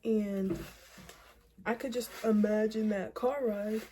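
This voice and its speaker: A woman's voice: mid-range voice, fairly even intonation, slow, warm tone, a little hiss or hum. A young woman vlogger telling a personal story to viewers in a dramatic, profane way, with frequent asides to them. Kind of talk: storytime vlog.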